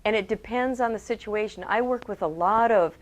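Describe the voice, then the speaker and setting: A woman trainer giving a webcast talk on public speaking. She is lively, asks her audience direct questions and acts out quotes in changed voices. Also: mid-range voice, fairly quick. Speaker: communication trainer.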